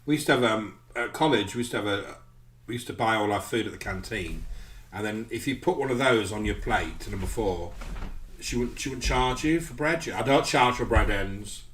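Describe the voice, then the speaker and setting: Man, bright voice, dry jokey co-host, faint background hiss. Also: lowish voice, animated, fairly quick, recorded from a distance, rough recording. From Hull. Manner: dry, jokey, banters in short quips. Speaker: co-host of a live chat show. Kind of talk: casual chat.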